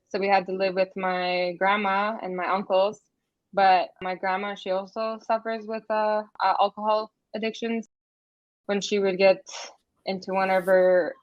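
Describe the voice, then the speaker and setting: A woman's voice: medium pitch, no echo, muffled recording. A woman from Canada, a podcast guest telling her own story in an earnest, matter-of-fact way, with frequent "like". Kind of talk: personal storytelling in conversation.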